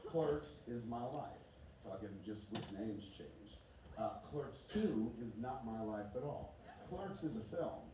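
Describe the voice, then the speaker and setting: A man's voice: mid-range voice, animated, slow pace. A middle-aged man telling loose, profane stories to a live audience, laughing as he goes. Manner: loose, rambling, swears constantly, laughs often. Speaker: filmmaker speaking on stage. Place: large theater. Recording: echoey hall from far off with noise.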